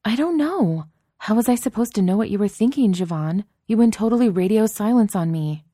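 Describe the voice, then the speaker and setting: A woman's voice: mid-range voice, a little slow, dark tone, dry recording, studio quality, voice pushed up, natural voice. A woman voicing a worried, exasperated teenage girl who talks bluntly and swears.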